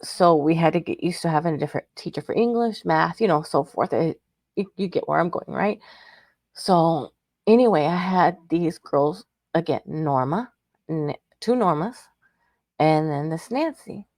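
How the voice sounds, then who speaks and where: A woman's voice: low-pitched, lively intonation, normal speed, darkish tone, no echo, studio quality. A middle-aged woman from Texas telling a personal story in a rambling, emotional way, often restarting her sentences. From Texas, United States. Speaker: radio show host sharing a personal story.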